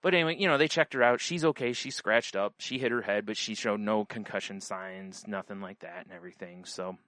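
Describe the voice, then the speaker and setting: A man's voice: lowish voice, fairly quick, bright, forceful tone, no room sound. A man co-hosting a podcast, telling a story in casual chat, rambling with lots of fillers and restarts. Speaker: podcast co-host.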